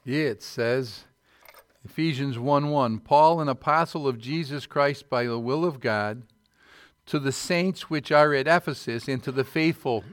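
A man's voice: medium pitch, unhurried, no echo. A man preaching a sermon, reading scripture aloud and checking in with his listeners.

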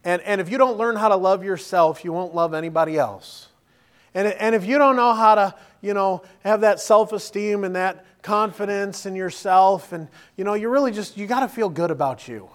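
High-voiced animated male preacher. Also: moderate pace. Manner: animated, rhetorical questions, reads King James verses aloud. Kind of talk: sermon.

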